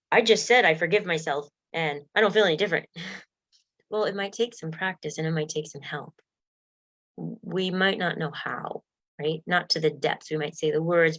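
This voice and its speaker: A woman's voice: deep voice, fairly bright tone, muffled recording. A woman giving an earnest, emotional self-help talk, laughing often and acting out inner voices. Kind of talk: motivational talk.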